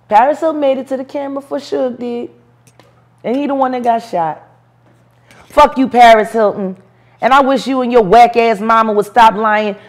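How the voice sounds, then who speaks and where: A woman in her forties, a guest in a storytelling interview, recounts tales in a brash, profane, animated style, breaking into bursts of laughter. Her voice sits high.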